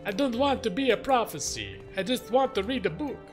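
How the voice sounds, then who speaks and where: A man voicing a stressed, balding male mage who only wants a quiet vacation, complaining in a drawn-out put-on accent. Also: very high voice, sing-song, faint music behind, voice pushed up. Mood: whiny. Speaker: streamer's role-play character.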